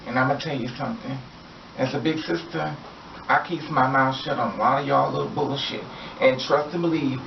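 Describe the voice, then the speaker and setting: A woman's voice: low voice, creaky, far from the mic, background noise. Fiery, profane woman ranting in an echoey room. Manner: angry, blunt and profane, addressing viewers directly. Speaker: vlogger. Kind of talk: impassioned rant to camera. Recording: echoey room, off mic, dull lo-fi sound.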